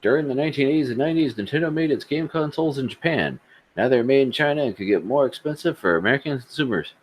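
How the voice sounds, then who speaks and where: A man's voice: mid-range voice, animated, fast, rough recording. A man co-hosting a casual tech podcast, blunt, sarcastic and profane in his remarks. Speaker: podcast co-host.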